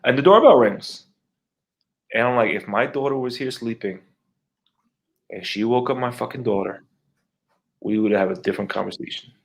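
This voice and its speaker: A middle-aged man co-hosting a podcast, telling a long neighbor story in casual, profane, animated talk and acting out his own reactions. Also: mid-range voice, normal speed, creaky, long pauses. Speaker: podcast co-host.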